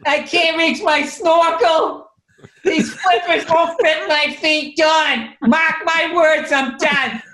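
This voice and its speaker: A man's voice: very high-pitched, steady tone, slow pace, sharp tone, echoey room, slight background noise, voice pushed up, full character voice. A man putting on a mocking voice of a mopey, defeated heavyset man on a beach vacation, whining in an exaggerated way. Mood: whiny. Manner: mocking, exaggerated whiny delivery.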